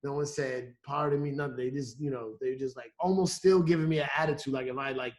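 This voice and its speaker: A man guest on a podcast telling a story in a casual, animated way, acting out what people said. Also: medium pitch, fast talker. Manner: animated, acting out quotes with restarts. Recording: roomy echo.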